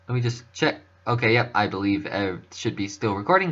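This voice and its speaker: A man's voice: on the low side, animated, fairly quick, hardly any pauses, fairly bright tone, highs cut off. A man reading a visual novel aloud, breaking off with casual, self-mocking asides. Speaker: let's play reader.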